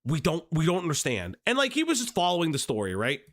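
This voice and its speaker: A man's voice: fairly high pitch, wildly swooping pitch, fast. A man hosting a commentary stream, telling a story in casual chat, laughing often mid-sentence and swearing a lot. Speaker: stream host.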